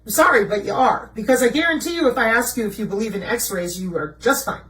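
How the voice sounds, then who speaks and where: A woman video presenter talks over slides in conspiracy commentary, blunt and mocking, posing rhetorical questions and answering them herself. Her voice is fairly high, fast and a bit bright, recorded from a distance with poor audio.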